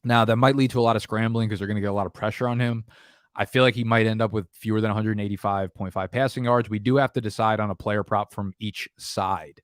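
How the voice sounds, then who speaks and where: A man's voice: on the low side, steady tone, quick pace, clean tone, no echo, studio quality. A man with a New Jersey or New York accent hosting a fantasy football live stream, talking casually in a profane, emphatic, rambling way.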